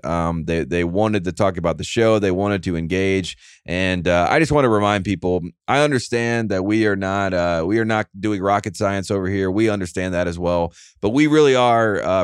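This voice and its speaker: A man's voice: sits low, smooth, no echo, clean studio sound. A man hosting a casual sports podcast, rambling and self-mocking, with lots of fillers and restarts. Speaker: podcast host.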